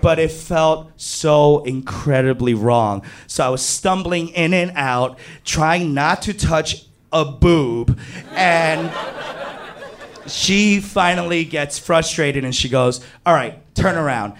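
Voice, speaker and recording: A stand-up comedian tells a story slowly but animatedly, leaping to high, panicked yelps whenever he quotes himself.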